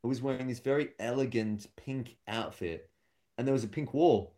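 A young male stand-up comedian chats casually on a podcast in a mid-range, dark-toned voice at normal speed. He rambles through stories and acts out the voices of the people in them.

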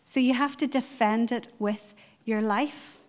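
A middle-aged woman preaches in a relaxed, conversational way, her voice sitting a little high. She repeats her key phrases to press them home. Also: measured pace. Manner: conversational, emphatic repetition. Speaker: church speaker. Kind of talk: sermon.

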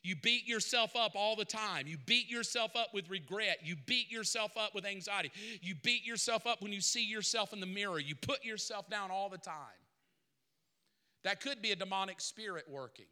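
A man preaching a sermon as pastor in a church, building from quiet asides to loud preaching. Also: sits high, moderate pace, big-room sound. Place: church sanctuary.

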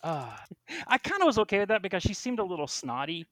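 A man hosting a podcast, his voice sitting a little high and swinging widely as he jokes and riffs. He talks casually with quick asides. The sound is dry and close. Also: no room sound. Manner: animated, joking, quick asides. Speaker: podcast host. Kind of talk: casual chat.

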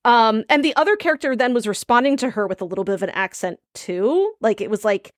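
Higher-voiced woman podcast host, rambling. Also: lively intonation, fast, dry recording, studio quality. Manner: rambling, restarts, laughs easily. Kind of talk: casual chat.

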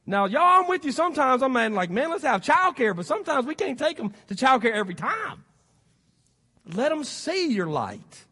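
A male pastor with a Southern accent delivers a folksy, exhorting sermon. His voice sits very high for a man. The sound carries a long reverb from the church sanctuary. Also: sing-song, moderate pace, sharp tone, slightly rough. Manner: folksy and exhorting, rising to emphatic peaks.

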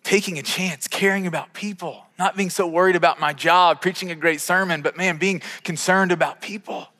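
A man preaching a sermon, telling a personal story with acted dialogue in an animated, self-deprecating way. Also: sits high, fairly quick. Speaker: pastor. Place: church sanctuary. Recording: reverberant church hall.

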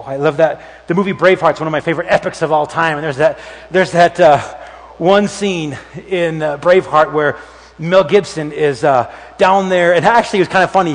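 A man preaching a sermon as pastor, animated and acting out the voices of the people in his stories. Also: on the high side. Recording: long hall reverb.

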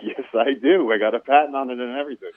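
A man from Long Island, a podcast guest, who chats in a relaxed way with easy laughs and fillers. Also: mid-range voice, very fast, no room sound. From Long Island, New York. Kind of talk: casual interview chat. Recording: dry, tinny phone-like line.

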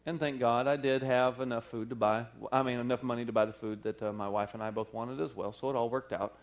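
A male pastor tells a story from the pulpit at a church service, his voice a middling pitch. He acts out the people in the story and laughs often as he goes. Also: steady tone, fast. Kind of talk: sermon storytelling.

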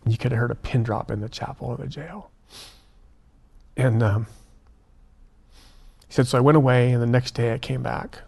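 A man, a prison minister and guest, telling a story in an earnest, animated way and acting out the dialogue. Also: medium pitch, normal speed, gravelly, long pauses, husky. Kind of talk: conversational storytelling.

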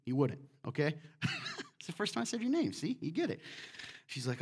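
Animated man preaching a sermon. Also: high voice, moderate pace, long pauses, slightly rough. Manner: animated, acts out quotes in voices. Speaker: pastor.

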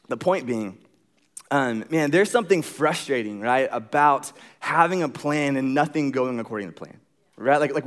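A young adult man giving a sermon, telling a personal story in an animated way, acting out quotes and using many fillers. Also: medium pitch. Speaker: pastor.

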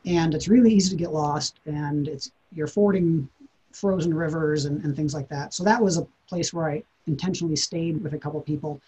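A man's voice: on the high side, brisk, warm tone, breathy edge, low-quality recording. A man, a podcast guest, telling a personal story in an earnest, reflective way, often repeating words as he thinks.

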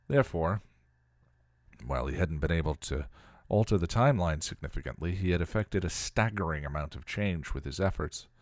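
A man reading a piece of fan fiction aloud in a steady storytelling manner. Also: sits low, dry recording, clean studio sound. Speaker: story reader.

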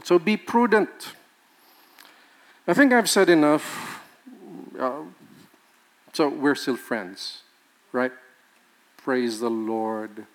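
A male pastor, preaching a sermon with emphatic rhetorical questions and laughing with the congregation. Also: fairly high pitch.

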